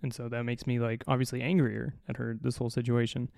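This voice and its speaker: A man hosting a podcast, telling a long personal story in a profane, animated, self-mocking way. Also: medium pitch, fast talker, creaky, dry recording, studio quality. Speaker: podcast host. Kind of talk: casual storytelling.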